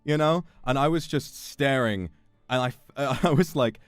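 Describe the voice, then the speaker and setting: A man's voice: medium pitch, unhurried, dry recording, soft background music. A young British man telling a story in a casual chat, often swearing and laughing as he goes. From Britain. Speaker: streamer.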